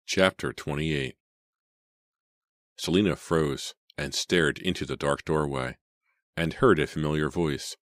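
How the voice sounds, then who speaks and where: Very deep-voiced man reading horror. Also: steady tone, fairly bright tone, no echo, clean studio sound. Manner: measured, suspenseful reading. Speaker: audiobook narrator. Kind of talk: scripted horror audiobook narration.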